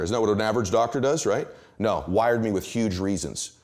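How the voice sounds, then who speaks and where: A middle-aged man speaking as an interview guest, telling motivational stories with emphatic, animated delivery. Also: fairly low pitch, brisk.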